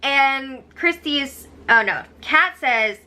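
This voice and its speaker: Young woman doing a snarky chatty recap, bright sharp voice, kinda high, lots of eye-rolling asides. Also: expressive, slow. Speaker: host recapping a reality show. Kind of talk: casual recap commentary.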